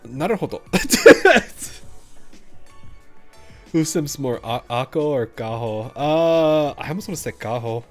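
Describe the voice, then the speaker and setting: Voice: mid-range voice, slow, soft background music. A game streamer reading story dialogue aloud with casual commentary, laughing often. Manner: laughs often, reads story lines in an animated way.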